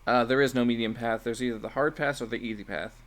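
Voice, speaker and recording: A man's voice: mid-range voice, fairly even intonation, fast talker, a bit bright. A man chatting casually on a fan panel, playful and joking, laughing often as he talks. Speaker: panel participant.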